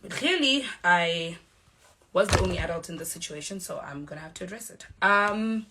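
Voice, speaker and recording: Young South African woman, firm and measured, speaking low, recounting events on camera. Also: lively intonation, noisy background. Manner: measured, firm, acts out quoted exchanges. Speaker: reality show cast member. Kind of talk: direct-to-camera statement.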